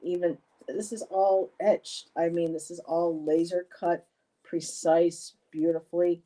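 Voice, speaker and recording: A woman in a casual vlog, talking to her viewers with many ums and pauses, gushing and emotional. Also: fairly low pitch, flat delivery, dark tone. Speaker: vlogger.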